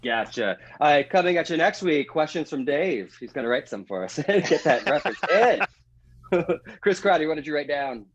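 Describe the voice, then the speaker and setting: A man hosting a comedy panel game. He chuckles often, keeps an upbeat tone and reads each question out slowly. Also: fairly high pitch, animated, lo-fi sound. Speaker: game show host.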